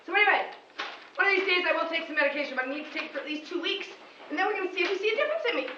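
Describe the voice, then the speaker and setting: A woman teacher talking in an excited, rambling vlog monologue, laughing often and jumping between thoughts. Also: extremely high pitch, very fast. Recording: echoey room, distant dull lo-fi mic, faint noise.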